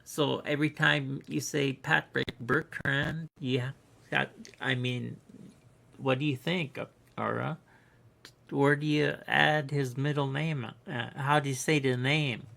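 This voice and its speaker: A live-stream host chatting casually, hesitant and halting, stopping often to spell out names. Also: mid-range voice, fairly even intonation, vocal fry, fairly bright tone. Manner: hesitant, halting, with many fillers.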